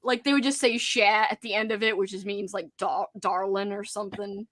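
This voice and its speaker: A young woman from Louisiana with a light Cajun accent, hosting a casual livestream chat, excitable and giggly with many filler words. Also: medium pitch, fairly quick, no echo, clean studio sound. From Louisiana, United States. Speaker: livestream host.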